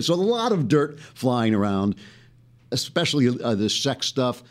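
A man's voice: mid-range voice, sing-song, moderate pace. Sardonic male political comedy host. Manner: sardonic, breaks into laughter. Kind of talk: satirical monologue and commentary.

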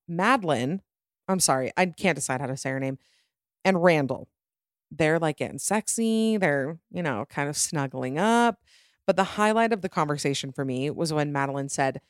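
Low-voiced woman snarking through a reality show recap, does silly voices, dry close mic. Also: normal speed, dry recording. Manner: sarcastic, lively, mimics people in funny voices. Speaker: host of a reality TV commentary show.

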